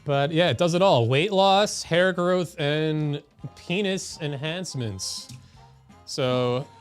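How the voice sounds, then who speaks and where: A man appearing as a guest on a live stream, showing off items in a deadpan, mock-serious way. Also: fairly high pitch, soft background music. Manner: deadpan, slow mock-serious show-and-tell. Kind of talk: casual live-stream chat.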